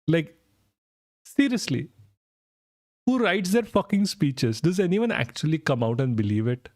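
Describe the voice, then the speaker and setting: A young man from India hosts a live stream, reading headlines aloud and tearing into them with sarcasm and frequent swearing. His voice sits a little high for a man. The recording is dry and close, with no room sound. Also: big pitch swings, unhurried, long pauses, darkish tone, no room sound. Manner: sarcastic, swearing, laughing in disbelief. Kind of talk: live-stream commentary reacting to news.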